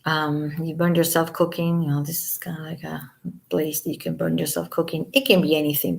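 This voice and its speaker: A woman's voice: sits low, flat delivery, a little fast, creaky. A woman giving casual commentary as a vlogger, reading statements aloud and breaking off with sarcastic, scoffing asides.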